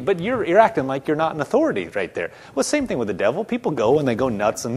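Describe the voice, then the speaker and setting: A man's voice: medium pitch, huge pitch swings, fast, few pauses, a little mellow, breathy edge. A man preaching a sermon in a conversational way, stumbling over repeated words and acting out quoted voices. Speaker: pastor.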